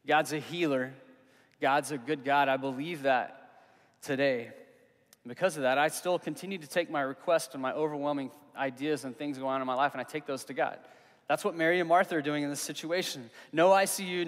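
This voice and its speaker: A young man preaching a sermon as pastor, earnest and conversational, pausing for emphasis on key words. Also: a little high, a bit bright. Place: church hall. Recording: long reverb of a hall.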